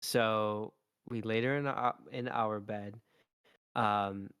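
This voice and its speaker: On a podcast he co-hosts, this dad drifts through a lengthy family tale, filler words like "um" and "like" everywhere in the relaxed conversation. He speaks slowly in a lowish, smooth voice that's fairly bright, keeping his intonation fairly even. There's no room sound, just clean studio audio.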